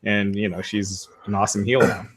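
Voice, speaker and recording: Lowish-voiced host guy, kinda hesitant, lots of ums, casual podcast chat. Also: little pitch movement, slightly rough. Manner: hesitant with fillers, measured opinions.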